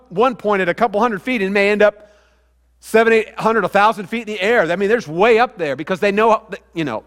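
A man's voice: sits high, a bit bright. A man preaching a sermon to his congregation in a conversational way, often asking the room questions. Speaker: pastor. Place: church sanctuary. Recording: hall reverb.

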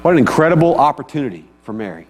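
A pastor racing through his sermon in a sing-song, mid-range voice, talking conversationally and often asking his listeners questions. Long hall reverb and a faint mains hum are audible.

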